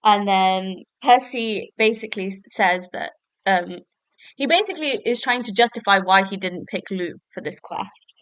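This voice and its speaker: A woman's voice: mid-range voice, moderate pace, a bit bright, no echo. A woman hosting a podcast, talking through a review in a rambling, casual way full of fillers. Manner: chatty, rambling, lots of fillers like "so basically" and "like". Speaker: podcast host. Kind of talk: casual solo review chat.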